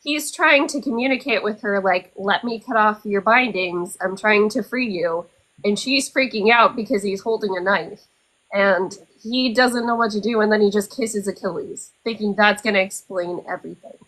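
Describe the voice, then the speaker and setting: A woman co-hosting a casual podcast at an ordinary middle pitch. She recaps a story loosely and conversationally, dropping in "like" as she talks. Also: normal speed, a bit bright, low-quality recording. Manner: casual, chatty plot recap with "like" fillers. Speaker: podcast co-host. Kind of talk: casual chat.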